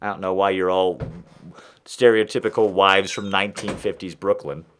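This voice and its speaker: A man's voice: deep voice, fairly even intonation, normal speed, fairly bright tone, a little hiss or hum. A man hosting a podcast, delivering a rambling, confessional, self-mocking comic monologue.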